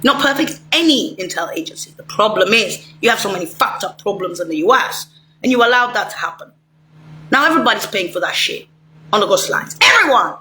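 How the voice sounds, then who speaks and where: A woman's voice: medium pitch, pushed and bright, slight background noise. A woman delivering a rambling, angry, profane monologue straight to the listener. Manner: ranting, swearing, rambling. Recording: roomy echo, faint ambience.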